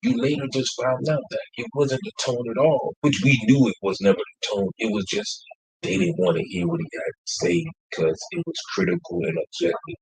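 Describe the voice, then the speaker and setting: A man co-hosting a casual podcast, talking in a loose, profane, animated way and acting out the people he quotes. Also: medium pitch, brisk, vocal fry, slightly rough, poor audio. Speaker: podcast co-host.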